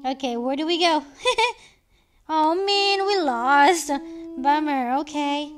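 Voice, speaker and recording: A woman in her thirties playing a video game with her child, giving animated, exclamation-filled commentary. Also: sits high, takes it slowly. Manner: animated, frequently exclaiming and calling for help. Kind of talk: excited gameplay commentary.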